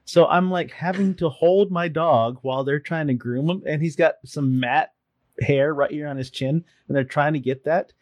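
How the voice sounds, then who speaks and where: A man's voice: on the high side, normal speed, no room sound. Man, casual storyteller, laughs a lot, acts out voices, dry close sound. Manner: animated, laughs often, acts out voices in his stories. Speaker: participant sharing a story. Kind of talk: casual storytelling among friends.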